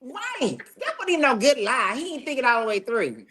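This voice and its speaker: A woman in casual chat, chiming in with quick, sassy remarks and agreement. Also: high-pitched, very animated, a bit bright, husky.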